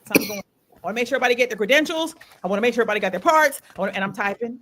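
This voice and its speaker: Animated woman telling a frustrating story. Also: a little high, very fast, a little hiss or hum. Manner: animated, repeats phrases for emphasis, swears freely. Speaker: show host. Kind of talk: casual storytelling chat.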